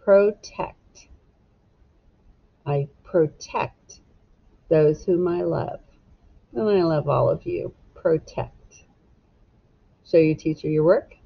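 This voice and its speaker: A woman teaching young children a phonics lesson, sounding out syllables and letters slowly and gently. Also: low-pitched, gravelly, husky. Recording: dull lo-fi sound.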